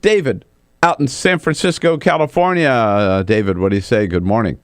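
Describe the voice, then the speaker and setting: A man hosting a talk radio show, chatting loosely with fillers as he makes a pledge pitch and takes calls. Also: steady tone, normal speed, smooth, dry recording, clean studio sound.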